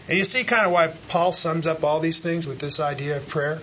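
A man preaching a sermon as pastor, dropping to quiet asides and then climbing into loud, rising pleas, often calling out "Amen?" to the congregation. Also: on the high side, moderate pace, few pauses, dull audio, slight background noise.

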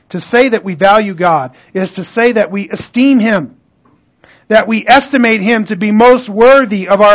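A man preaching a sermon, checking in with the congregation through repeated asides and rhetorical questions, his voice rising on emphasis and dropping low and quiet.

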